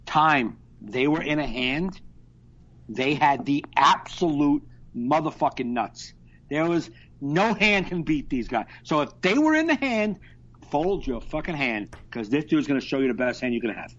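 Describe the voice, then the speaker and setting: A man chatting on a podcast over a video call, telling stories in an animated, profane way. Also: on the high side, unhurried. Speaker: podcast co-host. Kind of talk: casual podcast chat. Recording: dull lo-fi internet call.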